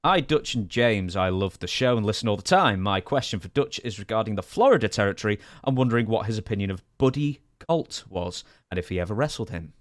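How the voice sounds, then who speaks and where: A man's voice: on the low side, animated, brisk, few pauses, no echo. A man from England with an English accent, co-hosting a casual chat and reading listener questions in a self-deprecating way. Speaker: podcast co-host.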